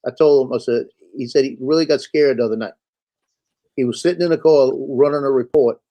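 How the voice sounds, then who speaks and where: A man's voice: mid-range voice, warm tone. A man telling stories in a casual chat, acting out the voices of the people he quotes. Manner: folksy storyteller, acts out quoted voices. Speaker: co-host on a live stream.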